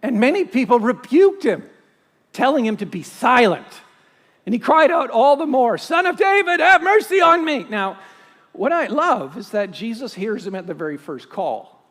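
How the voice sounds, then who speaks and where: A male pastor, preaching a sermon with animated storytelling and strings of rhetorical questions. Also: very high voice, moderate pace, in a large hall.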